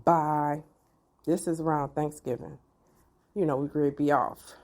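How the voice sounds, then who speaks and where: Low-voiced middle-aged woman vlogger. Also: measured pace. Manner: animated, expressive, talks straight to viewers. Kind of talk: personal storytelling to camera.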